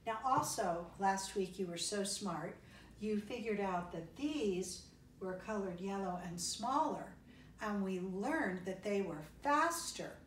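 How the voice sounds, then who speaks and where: A woman's voice: medium pitch, slight background noise. A woman teaching a kindergarten music lesson, cheerful and encouraging, singing and clapping rhythms with the children. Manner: cheerful, sing-song, slow and encouraging, spells and claps along. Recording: echoey room, voice from a distance.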